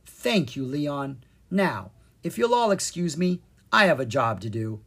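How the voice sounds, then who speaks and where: A fretful fairy mother pleads in a high, husky voice, her pitch swooping all over as she frets about losing her home, put on by the storybook narrator. She sounds tearful and urgent. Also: sing-song, unhurried, a bit bright, heavily acted. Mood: pleading. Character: bossy fretful fairy mother, a palace housekeeper.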